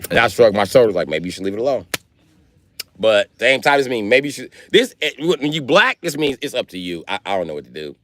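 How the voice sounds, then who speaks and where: A man's voice: mid-range voice, fast talker, hardly any pauses. A man hosting a livestream, telling rambling, profane comedic stories. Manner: profane, rambling, lively storytelling. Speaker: livestream host.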